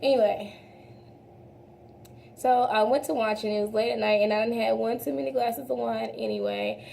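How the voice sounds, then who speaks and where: A woman's voice: fairly high pitch, animated, moderate pace, gravelly, a little mellow, a little hiss or hum. A young woman chatting casually while doing her makeup, talking straight to her viewers as y'all and trailing off into restarts. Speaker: beauty vlogger. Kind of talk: casual makeup tutorial chat.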